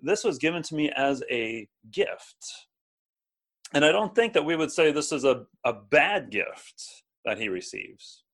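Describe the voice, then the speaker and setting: Man preaching with halting repetitions. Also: a little high, expressive, fairly bright tone. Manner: halting, repeats words, asks audience to respond. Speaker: pastor. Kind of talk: sermon. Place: streamed over video call and social media.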